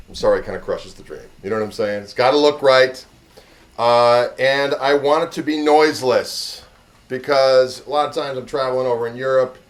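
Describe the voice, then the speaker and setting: With vocal fry in his medium-pitched voice, a middle-aged guitarist tells a casual story while setting up a pickup demo. He rambles in a conversational way, dropping "you know" again and again.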